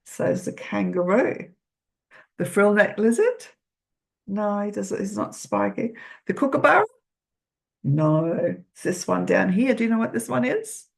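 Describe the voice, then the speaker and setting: An older woman reading a children's picture book aloud, gently asking the listener questions. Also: medium pitch, expressive, unhurried, gravelly.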